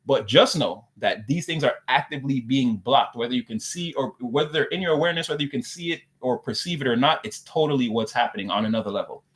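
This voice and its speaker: A man's voice: mid-range voice, quick pace, few pauses. A man delivering a loose, rambling spiritual message to his viewers, repeating "again" and circling back on his points. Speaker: spiritual reader.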